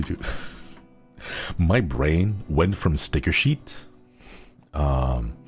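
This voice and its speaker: A young man with a very deep voice chatting casually on a livestream, rambling and giggling as he jumps between thoughts. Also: darkish tone. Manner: rambling, giggly, easily sidetracked. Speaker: streamer.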